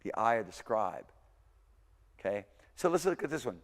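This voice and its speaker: A man giving a language lecture, chatting casually, sounding out words slowly and often checking in with okay. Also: fairly low pitch, sing-song, big-room sound. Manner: conversational, repeats words slowly for pronunciation, frequent okays. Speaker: Hebrew instructor. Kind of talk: recorded university lecture.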